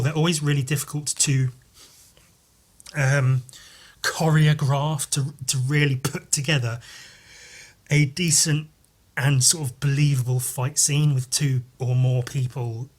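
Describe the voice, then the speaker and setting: A man hosting a casual solo podcast as a comic artist, rambling and excitable, swearing a lot, jittery from too much caffeine. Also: medium pitch. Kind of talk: casual solo podcast monologue while leafing through comics.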